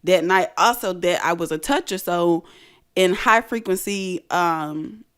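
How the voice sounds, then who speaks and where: A woman hosting a radio show and telling a story in casual chat, animated and profane, often laughing. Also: on the low side, measured pace, smooth.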